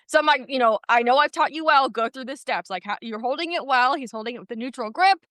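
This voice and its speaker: A young adult woman co-hosting a podcast in casual chat, a lively storyteller who swears a lot. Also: high-pitched, quick pace, no room sound, studio quality. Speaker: podcast co-host.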